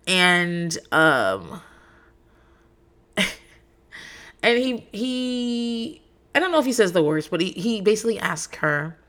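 A woman's voice: fairly low pitch, lively intonation, measured pace, long pauses, a bit bright. A woman in her thirties or forties recapping reality TV in a candid, profane, rambling way, with frequent fillers. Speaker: podcast host.

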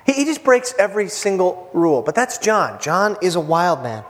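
A male pastor delivers a sermon with a high voice that swings widely in pitch. He talks in a loose, joking way, stumbling through fillers and restarts. His voice rings out through a church hall with a long reverb. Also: big pitch swings, normal speed, hardly any pauses, fairly bright tone. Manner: casual, joking preacher with many fillers and restarts.

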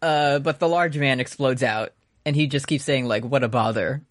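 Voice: mid-range voice, normal speed, no echo, studio quality. A young adult podcast co-host recapping an anime in casual, profane, rambling chat, laughing often.

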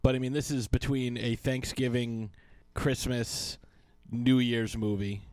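A man's voice: mid-range voice, level tone, unhurried, a little mellow, smooth, no echo. Podcast co-host, male, casual and rambling, dry close-miked sound. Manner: rambling, playful, slips into snooty impressions. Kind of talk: casual chat.

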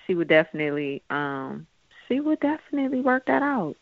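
A woman's voice: lowish voice, brisk, creaky, no echo. A woman chatting casually and laughing, often acting out little voices as she talks. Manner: animated, laughing, acts out voices. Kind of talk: casual chat. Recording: dry tinny phone-like line.

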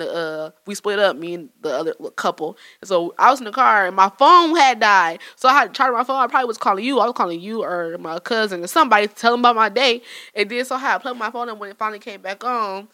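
A woman's voice: mid-range voice, quick pace, sharp tone. A woman telling a story in casual chat, laughing often and acting out quotes.

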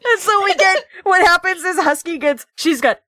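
A woman playing a tabletop game, giggly and animated as she describes her character. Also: extremely high pitch, normal speed, dry recording. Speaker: player. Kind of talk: tabletop game play, laughing chat.

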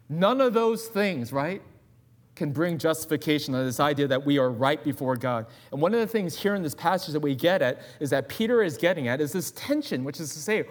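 Guest preacher, male, chatty pulpit style with asides, voice rising and falling a lot. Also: fairly high pitch. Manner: animated and conversational, with personal asides. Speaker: guest pastor. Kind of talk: sermon.

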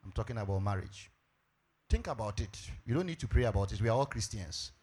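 A man voicing a smooth-talking male suitor, in a low, soft, slow and coaxing voice. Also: expressive, slight background noise, natural voice. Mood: tender coaxing.

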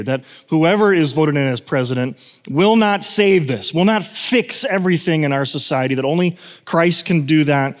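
A man's voice: on the high side, in a large hall. A man preaching a sermon in a casual, self-correcting way, with emphatic moments. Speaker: pastor.

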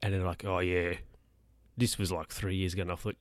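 A man's voice: sits low, little pitch movement, brisk, dry recording, clean studio sound. A man telling stories casually to camera as a vlogger, rambling and chatty. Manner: rambling, chatty, with mock-quoted voices.

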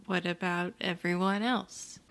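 A woman's voice: on the low side, steady tone, unhurried, fairly bright tone. A woman playing a tabletop role-playing game, speaking earnestly and with exasperation, partly in character. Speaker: player. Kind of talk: tabletop role-play, casual chat.

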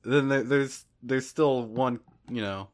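A man's voice: mid-range voice, slow pace. A man co-hosting a podcast, dropping wry interjections in casual chat. His voice sits in an ordinary middle register.

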